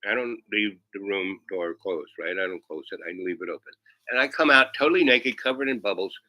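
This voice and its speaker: A man's voice: on the low side, fairly quick, pushed and bright, dry recording, low-quality recording. A man telling a rambling comic anecdote, often tagging his lines with "right?". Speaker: storyteller.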